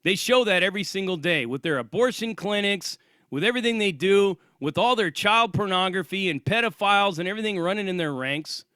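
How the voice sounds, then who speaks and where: A man's voice: sits high, expressive, a little fast, sharp tone, dry recording, studio quality. A man hosting his own channel, delivering an angry, profane and sarcastic ranting monologue. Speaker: channel host.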